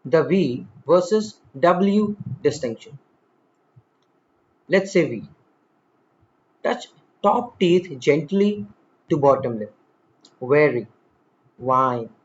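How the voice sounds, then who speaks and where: Man, English teacher, fairly high voice, slow deliberate delivery, exaggerated word stress, slightly muffled recording. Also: a little mellow. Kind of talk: spoken English lesson.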